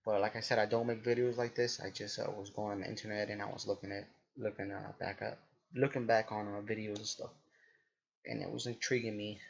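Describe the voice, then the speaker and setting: A man in his twenties rambling casually to his viewers, halting often with restarts and fillers. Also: fairly low pitch, little pitch movement, creaky, breathy edge, highs cut off. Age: 20s. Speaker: vlogger. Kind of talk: rambling casual monologue to camera.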